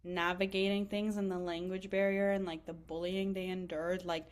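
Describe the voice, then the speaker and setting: A woman's voice: lowish voice, normal speed. Emotional young woman guest, chatty. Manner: emotional, animated, lots of fillers and laughter. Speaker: podcast guest, physician assistant student. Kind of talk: casual interview chat.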